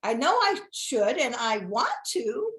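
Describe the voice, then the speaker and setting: A woman's voice: on the high side, very animated, slow pace, fairly bright tone. A middle-aged woman guest telling a personal story in a chatty, self-deprecating way, with laughs worked into her talk. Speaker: guest speaker. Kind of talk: casual storytelling interview. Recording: echoey room.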